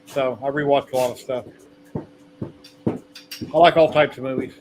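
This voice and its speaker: A man's voice: medium pitch, fairly even intonation, moderate pace, over music, poor audio. A man hosting a casual maker livestream, telling rambling stories. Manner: rambling storyteller. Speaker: podcast host.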